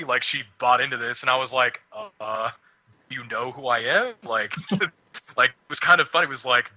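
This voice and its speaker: Bright, dry-sounding young man rambling. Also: mid-range voice, moderate pace, no echo, rough recording. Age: young adult. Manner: rambling, swears a lot, laughs often. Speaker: radio show host. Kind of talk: casual chat.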